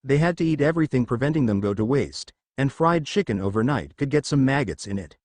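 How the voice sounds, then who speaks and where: A man reads a fan fiction story aloud in a plain storytelling manner. His intonation is lively and varied, and the sound is dry and close to the mic. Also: medium pitch, fairly quick, no room sound. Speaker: narrator.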